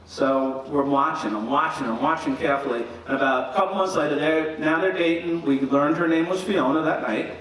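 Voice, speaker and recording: A man's voice: fairly high pitch, fairly quick, few pauses, crowd noise. A middle-aged man giving a father-of-the-groom wedding speech, telling funny stories and acting out the voices of the people in them. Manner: humorous, animated, acts out quoted voices. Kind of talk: storytelling wedding toast. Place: wedding reception hall. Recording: very echoey hall, distant mic, faint noise.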